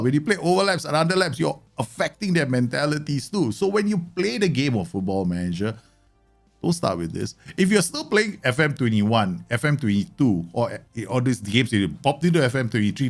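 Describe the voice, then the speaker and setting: A man hosting a live show, explaining game tactics in an animated way, laughing often and acting out imagined conversations. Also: medium pitch. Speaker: host.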